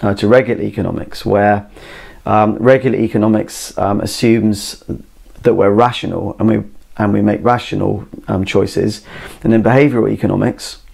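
A man's voice: fairly low pitch, little pitch movement, moderate pace, gravelly, darkish tone, husky. A man, hosting a solo podcast from a garden shed, rambling with many fillers and restarts. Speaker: podcast host. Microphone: camera mic.

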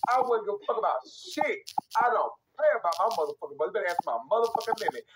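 A man's voice: sits high, big pitch swings, racing, noisy background. A young man, ranting heatedly on a live stream, profane, repetitive and emphatic.

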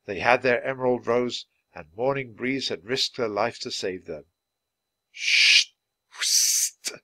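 A man reading a children's book aloud, at a steady, clearly paced speed for language learners. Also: mid-range voice, moderate pace, no room sound. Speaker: storybook reader.

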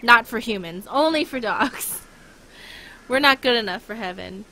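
A woman's voice: on the high side, animated, a little slow, bright, forceful tone. A young woman streaming a game, chatting casually and rambling with giggles, talking to her chat and her dog.

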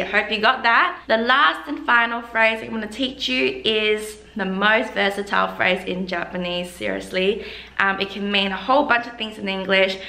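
A woman's voice: medium pitch, sharp tone. A young woman gives a casual, upbeat video lesson, coaxing viewers to repeat phrases after her. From Australia. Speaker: language teacher vlogger. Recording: echoey room.

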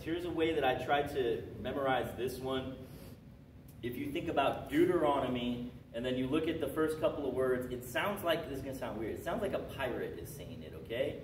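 A man's voice: medium pitch, lively intonation. Man teaching a church class, echoey room. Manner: reads scripture slowly, chatty and coaxing with the class. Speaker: Sunday school teacher. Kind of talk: Bible quiz lesson. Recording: roomy echo, distant mic, noisy.

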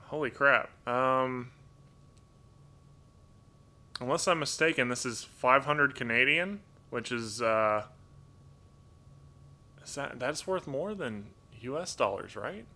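Bright-voiced man rambling on a live stream. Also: mid-range voice. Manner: rambling, halting, many fillers and restarts; touched and grateful, thinking aloud. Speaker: livestream host reading donations. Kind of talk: casual live-stream chat. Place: home with pet toucans.

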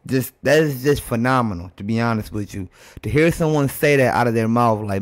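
A man's voice: medium pitch, brisk. A man hosting a reaction video, chatting casually and laid-back to his viewers.

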